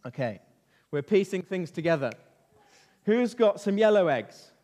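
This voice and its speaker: A man leading an interactive Bible lesson for children, lively and constantly asking them questions. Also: high-pitched, unhurried. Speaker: children's talk leader. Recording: reverberant hall.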